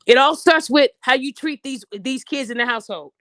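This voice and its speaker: Podcast host, young woman, AAVE, high voice, blunt and lecturing, dry close sound. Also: normal speed, a bit bright, no room sound. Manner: blunt, preachy, addresses listeners directly, acts out quoted voices. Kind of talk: opinionated podcast monologue.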